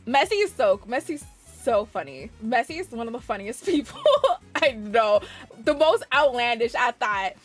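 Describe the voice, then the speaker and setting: Bubbly high-voiced woman streamer. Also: big pitch swings, normal speed, faint music behind. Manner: bubbly, gushing, frequent giggles and restarts. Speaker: variety streamer. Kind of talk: casual live-stream chat with viewers.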